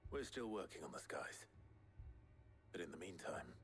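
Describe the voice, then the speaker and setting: An actor playing a steady, serious young warrior hero in a video game, speaking in a restrained, hushed way. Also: male voice, deep voice, normal speed, full character voice. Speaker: game character.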